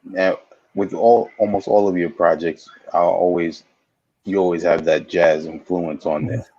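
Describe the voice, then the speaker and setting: A man co-hosting a podcast, asking calm, measured interview questions. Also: low voice, dry recording. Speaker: podcast co-host. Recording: dull, lo-fi dry sound.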